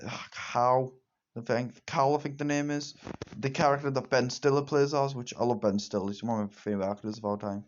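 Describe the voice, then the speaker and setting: A teenage boy, reviewing a movie in rambling, repetitive fan talk. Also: medium pitch. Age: teens. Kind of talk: casual solo movie review. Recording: dull lo-fi home recording.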